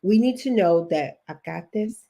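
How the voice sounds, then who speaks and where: A woman's voice: lowish voice, expressive, measured pace, mellow. A middle-aged woman with a Baltimore accent, hosting a livestream as a career coach, chatty and encouraging, reading viewer comments aloud.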